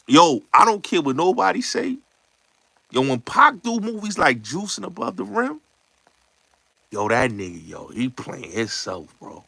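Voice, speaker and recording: Animated New man retelling movie scenes. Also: a little high, unhurried, creaky, husky, dry recording. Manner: animated storytelling, acts out movie lines; slangy, repeats yo and son. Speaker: show host. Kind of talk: casual talk about movies.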